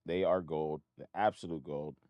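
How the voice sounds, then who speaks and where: A man trading options and talking to himself, frustrated and swearing, swinging from loud outbursts to low mutters. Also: steady tone, normal speed, dry recording. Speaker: options day trader.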